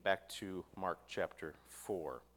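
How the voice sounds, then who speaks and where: A man's voice: low-pitched, slow pace, fairly bright tone. Man preaching, questioning his listeners. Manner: asks the listeners rhetorical questions; reads scripture aloud with rising emphasis. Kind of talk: sermon.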